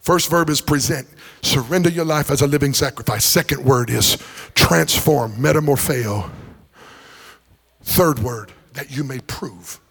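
A middle-aged pastor delivers a sermon a little slowly in a church sanctuary, his mid-range voice creaky, husky and slightly bright. He breaks into sing-song rises and jokes with the congregation.

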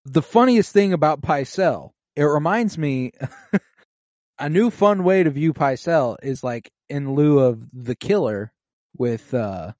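A man co-hosting a casual podcast, recapping a TV episode in a profane, animated way and breaking into quick impressions of the characters. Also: on the high side, no room sound, studio quality. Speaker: podcast co-host. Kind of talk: casual rewatch podcast chat.

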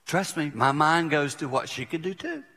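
A man's voice: on the high side, normal speed, bright, forceful tone, husky. Middle-aged guy preaching, storytelling style, long hall reverb. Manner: storytelling, acting out quotes, conversational. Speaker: pastor. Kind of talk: sermon.

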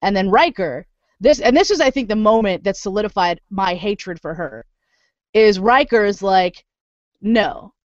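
A woman chatting casually on a podcast, animated and profane, swinging into loud indignant rants. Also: medium pitch, normal speed, dry recording, highs cut off. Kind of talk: casual chat.

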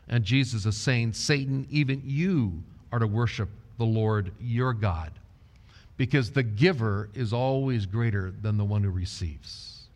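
A man preaching a sermon, speaking in a slow, deliberate way and quoting scripture. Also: medium pitch, big-room sound. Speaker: pastor.

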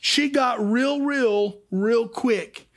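A male pastor preaching a sermon, swinging between impassioned shouts and quiet asides. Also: very high-pitched, extremely slow.

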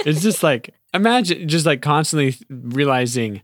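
Bemused podcast co-host with a lively voice. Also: mid-range voice, moderate pace, no echo, studio quality. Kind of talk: casual chat.

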